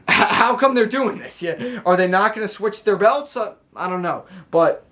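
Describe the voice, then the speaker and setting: A man with a high voice talks through a show recap for his vlog. He rambles in a loose, casual way, full of restarts and fillers. He is filmed at home on his own camera. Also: lively intonation, normal speed, bright, forceful tone. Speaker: wrestling show reviewer.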